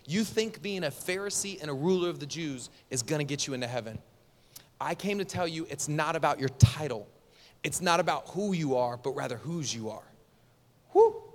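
High-voiced animated pastor preaching. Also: male voice, big-room sound. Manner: animated storytelling, congregation call-and-response. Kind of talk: sermon.

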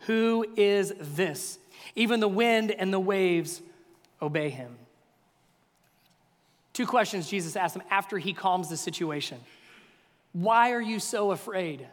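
A male pastor preaching a sermon, swinging from hushed questions to loud, energetic passages. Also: high-pitched. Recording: long reverb of a large hall.

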